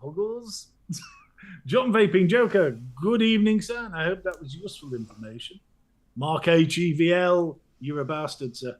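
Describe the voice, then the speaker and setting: A man co-hosting a casual live stream, playfully greeting chat viewers by name with bursts of loud laughter. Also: fairly high pitch, moderate pace.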